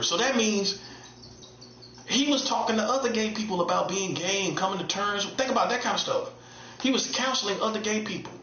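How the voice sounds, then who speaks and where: A man's voice: on the high side, pushed and bright, slight background noise. A man giving a casual, emphatic monologue as an online preacher, repeating himself in street slang. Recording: echoey room, dull lo-fi sound.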